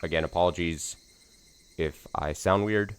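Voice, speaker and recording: A man with a very low voice opens his let's play stream in a slightly hoarse, casual ramble. He talks in a loose, self-deprecating way and fills gaps with ums and likes. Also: a little slow. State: slightly hoarse from screaming the night before. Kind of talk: casual stream chat before reading a visual novel.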